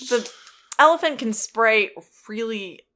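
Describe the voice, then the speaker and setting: A young woman co-hosting a podcast, chatting casually over a card game, hesitant and quick to laugh. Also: on the high side, animated, fairly bright tone. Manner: giggly, hesitant, trails off. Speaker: podcast co-host, judge.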